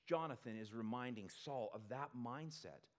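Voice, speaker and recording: A male pastor giving a conversational sermon to a congregation in a church, talking in an animated way. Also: mid-range voice. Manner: animated, acts out quick character voices.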